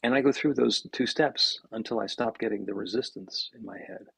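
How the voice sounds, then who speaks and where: A man co-hosting a podcast as a minister, explaining in a halting way and often restarting his words. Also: mid-range voice, a bit bright, dry recording, poor audio. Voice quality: gravelly, husky.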